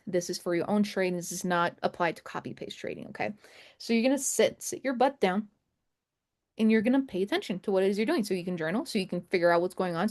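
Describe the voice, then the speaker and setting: A young adult woman in a casual coaching call, mentoring traders, who talks in a chatty way and keeps asking "right?". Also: mid-range voice. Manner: chatty, repeats "right?" often. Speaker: trading mentor.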